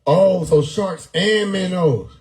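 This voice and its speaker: A man hosting a live stream, riffing loudly on chat comments with frequent laughter and profanity. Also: high-pitched, slow pace, low-quality recording. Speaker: livestream host reading chat. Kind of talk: casual livestream chat. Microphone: phone or desktop mic on a live stream.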